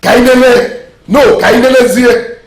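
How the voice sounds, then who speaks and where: A man's voice: on the high side, lively intonation, normal speed, lightly acted. An actor with a Nigerian accent playing an angry, threatening king in a film. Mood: furious. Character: furious proud king, quick to threaten. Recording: echoey room, faint noise.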